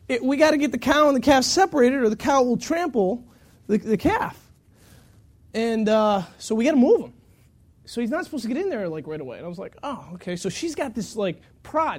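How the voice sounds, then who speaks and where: A pastor telling a long, self-mocking story during a sermon, acting out the quotes with lots of energy. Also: male voice, sits high.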